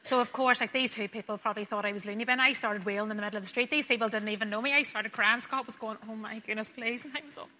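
Rapid-fire and with few pauses, a Northern Irish woman with a fairly high, bright, forceful voice and fairly even intonation gives a heartfelt faith testimony. She chats away, acting out the dialogue and often using "wee," and the sound carries a long hall reverb.

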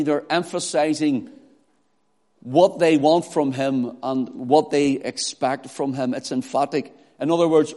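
A man preaching a sermon, rising from quiet prayer into loud, emphatic delivery. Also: on the high side, steady tone, measured pace. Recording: long hall reverb.

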